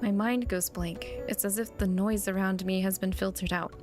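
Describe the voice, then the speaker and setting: A woman's voice: medium pitch, fairly even intonation, moderate pace, over music. A young woman streamer reading a story game aloud and chatting casually with viewers. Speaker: VTuber streamer.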